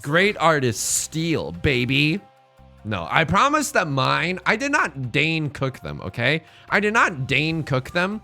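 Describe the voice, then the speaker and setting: A young man streaming an online mahjong game, chatting casually and telling rambling, animated stories with quick self-corrections. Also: a little high, gravelly, soft background music. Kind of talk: casual chat while playing online mahjong.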